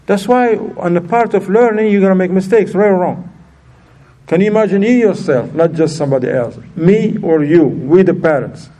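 A man's voice: high voice, moderate pace, dark tone. A man giving an informal religious lesson in a chatty way, asking his listeners questions as he goes. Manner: chatty, asks the audience questions. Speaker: religious teacher. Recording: distant from the mic.

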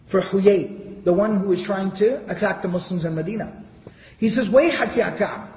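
A man's voice: high voice, moderate pace, a little mellow, a little hiss or hum. A man giving a storytelling lecture, retelling history and quoting passages in Arabic before translating them. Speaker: Islamic lecturer. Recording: echoey hall.

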